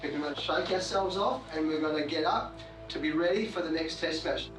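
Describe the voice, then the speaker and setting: A man's voice: a little high, fairly quick, reverberant, over music. A man, a cricket coach talking frankly in a documentary interview and team talk. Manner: blunt, frank storytelling. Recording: distant mic.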